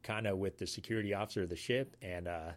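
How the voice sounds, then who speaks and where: A man from Alaska, a Navy sailor, telling a story in casual talk, halting and full of fillers. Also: deep voice. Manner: rambling, halting, many fillers. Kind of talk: casual spoken anecdote.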